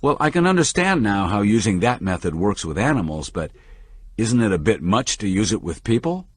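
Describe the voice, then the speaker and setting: A man's voice: lowish voice, big pitch swings, normal speed, slightly rough, no echo, clean studio sound. A man reading the part of a curious young man asking earnest questions. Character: curious young male job-seeker, eager learner.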